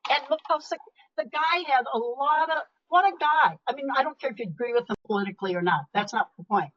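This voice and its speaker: An older woman coach giving a live webinar talk, animated and emphatic, often dropping her voice low or to a whisper for effect. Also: a little hiss or hum. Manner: animated, emphatic, varies loudness, drops to whispers. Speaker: speaker and leadership coach. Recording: dull lo-fi webinar audio.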